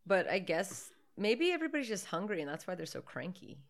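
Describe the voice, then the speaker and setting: On a podcast, a female co-host with a lowish, brisk voice and big pitch swings chats casually about a movie. She is giggly and sarcastic, riffing and laughing often.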